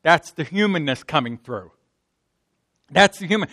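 A Pittsburgh-accented man preaches a sermon in a folksy, conversational way. His voice sits high and bright. The sound is close and dry. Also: expressive, normal speed, no room sound. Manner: conversational, folksy, acts out quotes. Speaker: pastor.

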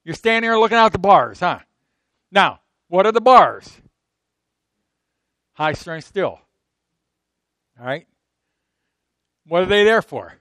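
A middle-aged man preaching a sermon in a conversational way, swinging from loud emphatic bursts to soft asides and asking his listeners frequent rhetorical questions. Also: sits high, sing-song, slow, long pauses, no echo. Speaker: pastor.

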